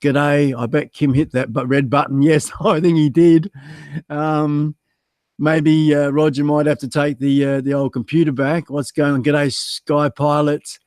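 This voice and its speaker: Australian guy, slightly high voice, casual self-mocking livestream host, dry mic. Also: flat delivery, measured pace, darkish tone, no room sound. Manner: chatty, self-mocking, reads chat aloud with many ums.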